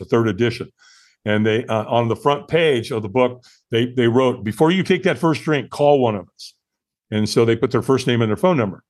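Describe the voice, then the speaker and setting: A man in his sixties from the United States, a podcast guest telling his own story in an earnest, animated way with frequent fillers and restarts. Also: medium pitch. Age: 60s. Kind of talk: conversational storytelling interview.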